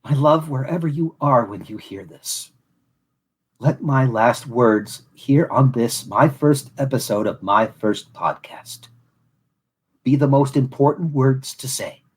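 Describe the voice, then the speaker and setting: Man, husky voice, grandiose formal podcast monologue, deliberate pacing, mid pitch. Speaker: podcast host reading his own script. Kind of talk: solemn scripted monologue, then casual chat.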